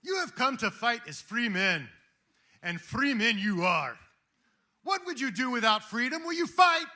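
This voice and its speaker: A medieval rebel leader hurls a rallying battle cry at his troops, put on by a man in mid-speech. The voice rides high and bright, with a cutting edge, and keeps swelling into shouts. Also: very animated, moderate pace, roomy sound, exaggerated voice. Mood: rousing.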